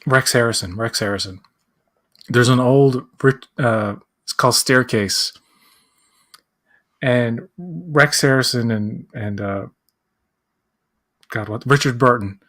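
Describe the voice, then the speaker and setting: Man, casual live chat, rambling, mid-pitched voice, acts out quotes. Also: slow, long pauses, a bit bright. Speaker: co-host.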